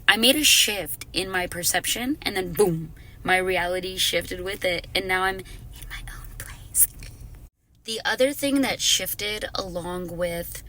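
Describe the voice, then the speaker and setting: Young woman vlogger, bright, lowish voice, candid and expressive, faint ambient hiss. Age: 20s. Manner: expressive, swears freely, bursts into singing. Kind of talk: casual personal monologue.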